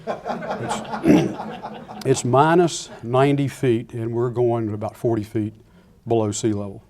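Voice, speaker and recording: An older man, a retired Air Force pilot, giving a lecture full of anecdotes and acting out the dialogue with lively restarts. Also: mid-range voice, slow, crowd noise. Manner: animated storyteller acting out dialogue, frequent restarts.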